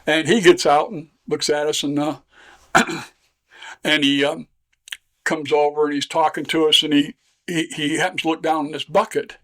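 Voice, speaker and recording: Folksy older Michigan storyteller, higher voice. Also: male voice, little pitch movement, moderate pace, bright, forceful tone. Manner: folksy, rambling with restarts. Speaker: guest storyteller. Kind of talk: casual storytelling.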